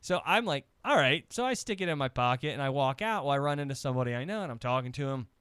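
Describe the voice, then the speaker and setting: A man's voice: mid-range voice, rapid-fire, smooth, dry recording, clean studio sound. A man hosting a comedy podcast, telling a story in casual chat and acting out the other people in it. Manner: animated storyteller, acts out voices in quotes. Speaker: podcast host.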